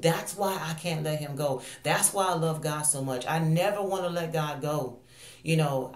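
A woman's voice: lowish voice, echoey room. A woman ministering online, telling a personal faith testimony in an earnest, confessional way, often repeating phrases.

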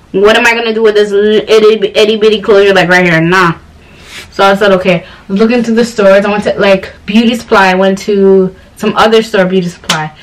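A woman's voice: medium pitch, far from the mic, low-quality recording. A young woman from Ghana, chatting casually and rambling as a vlogger talking to camera. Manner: chatty, rambling storytelling with animated quoted voices.

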